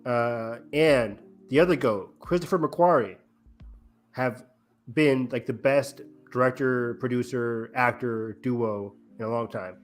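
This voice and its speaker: A man co-hosts a casual movie podcast, speaking at an everyday middle pitch. He rambles through news items, pausing often on ums and restarting his sentences. Faint music sits underneath. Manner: rambling, halting with many ums. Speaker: podcast co-host. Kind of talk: casual chat.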